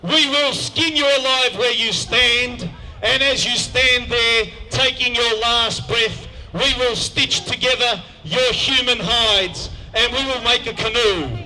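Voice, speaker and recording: A man's voice: very high voice, slow pace, sharp tone, heavily acted, rough recording. A man voicing a stern tribal chief who hands down judgment in a told joke. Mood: solemn.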